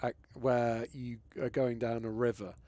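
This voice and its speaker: British male streamer, middle pitch, dry close sound, casual joking chat with swearing. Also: flat delivery, a little slow, mellow, no room sound. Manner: chatty, swears freely, jokey. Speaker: game streamer. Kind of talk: casual chat while gaming live.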